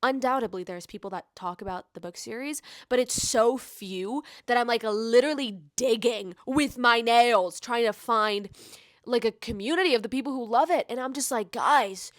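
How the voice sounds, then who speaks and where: A woman reviewing a book in a casual vlog, gushing and effusive, peppering her talk with "like" and swinging from hushed tones to loud excited bursts. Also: fairly high pitch, moderate pace, dry recording, clean studio sound. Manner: gushing, effusive, heavy use of filler "like". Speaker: book vlogger.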